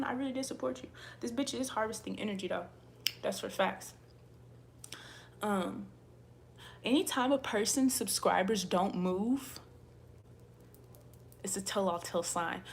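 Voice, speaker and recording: A woman's voice: medium pitch, vocal fry. A woman YouTuber who reads tarot, ranting angrily to camera in a profane, repetitive way.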